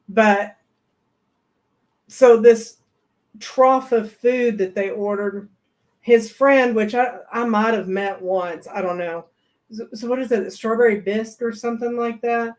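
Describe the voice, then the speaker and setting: A middle-aged woman co-hosting a travel live stream, telling stories in a lively, animated way and acting out the people she quotes. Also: unhurried. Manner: animated, acts out quoted voices with big pitch jumps. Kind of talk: casual storytelling chat.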